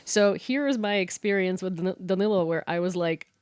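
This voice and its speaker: Young woman, chatty podcast storytelling, laughs a lot, medium pitch, dry close mic. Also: normal speed, clean tone, no room sound. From Ukraine. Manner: animated, laughs often, many fillers. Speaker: podcast co-host. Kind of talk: casual storytelling chat.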